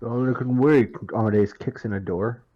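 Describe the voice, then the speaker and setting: A man's voice: mid-range voice, normal speed, warm tone, lo-fi sound. A man running a tabletop game as game master, talking casually and repeating words as he thinks.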